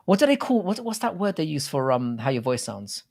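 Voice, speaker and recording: A British man co-hosting a live fight-talk stream, chatting casually in an animated, jokey and rambling way with plenty of swearing. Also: on the high side, brisk, creaky. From Britain. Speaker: co-host of a live fight show.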